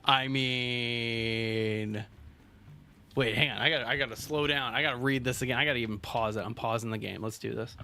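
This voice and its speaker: A man's voice: medium pitch, steady tone, rapid-fire, creaky, hardly any pauses, pushed and bright. A young adult man from Southern California chatting casually with viewers while playing a game, rambling with lots of fillers and restarts. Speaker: streamer. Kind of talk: casual gameplay chat with live viewers.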